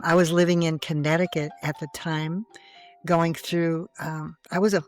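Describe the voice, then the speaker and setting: A woman guest in an interview, telling her personal story in a lively, animated way. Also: deep voice.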